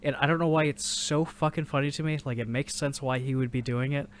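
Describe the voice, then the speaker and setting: A man co-hosting a casual movie podcast in a relaxed, amused way, now and then quoting characters. Faint noise sits behind his voice. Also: mid-range voice, brisk. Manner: relaxed, swears, quotes scenes with amused delivery. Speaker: podcast co-host.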